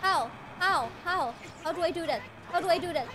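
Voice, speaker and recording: A woman's voice: sits high, animated, a little fast, few pauses, over loud music. A woman streaming a video game live, talking to herself playfully with mock-outraged exclamations. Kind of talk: live gameplay commentary.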